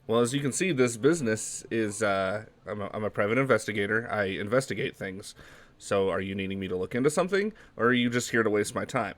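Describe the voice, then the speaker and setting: A man's voice: on the low side, animated. A man playing a sardonic private investigator in a tabletop role-play, with a joking, sarcastic manner. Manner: sarcastic, joking, quick-witted. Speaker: player.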